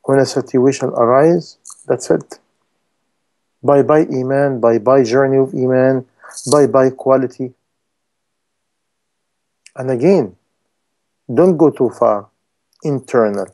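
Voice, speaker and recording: Male preacher with a mellow, warm tone, broken English sermon delivery that acts out quoted people. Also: mid-range voice. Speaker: Islamic preacher.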